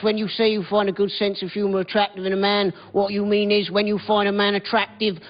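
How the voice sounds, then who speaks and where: Deadpan stand-up comedian, high voice. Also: male voice, a little hiss or hum. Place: comedy stage before a live audience. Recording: dull live stage recording.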